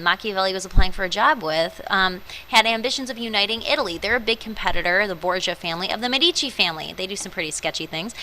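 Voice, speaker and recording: A woman's voice: medium pitch, pushed and bright, a little hiss or hum, rough recording. A woman teaching a history lesson over slides, chatty and playful, with self-deprecating asides. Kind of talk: recorded classroom lecture over slides.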